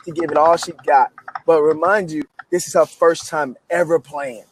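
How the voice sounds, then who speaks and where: A man in his thirties from Memphis tells his story with keyed-up, emphatic energy, often restarting his sentences. His voice sits a little high for a man, and a faint hum of ambience stays behind him. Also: steady tone, normal speed. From Memphis, United States. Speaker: guest author. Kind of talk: animated storytelling interview.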